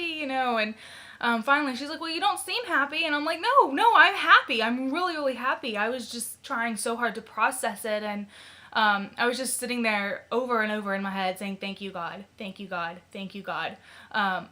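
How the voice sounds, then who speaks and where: A woman's voice: mid-range voice, bright, forceful tone. A young woman chatting casually in a vlog, giggling often and filling her talk with ums and likes. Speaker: vlogger.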